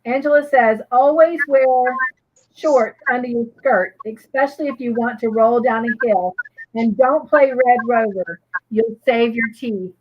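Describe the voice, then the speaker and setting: A woman's voice: on the high side, unhurried, highs cut off, a little hiss or hum. A woman co-hosting a live crochet show, chatting casually and reading viewers' comments aloud with gushing reactions.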